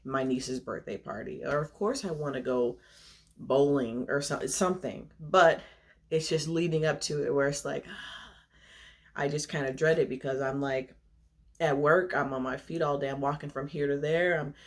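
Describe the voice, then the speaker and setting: A young woman chatting straight to her camera in a relaxed, confiding way. She laughs easily and takes extra breaths between phrases, a little winded as she talks. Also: low voice, normal speed. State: short of breath. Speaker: vlogger. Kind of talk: casual chat to camera.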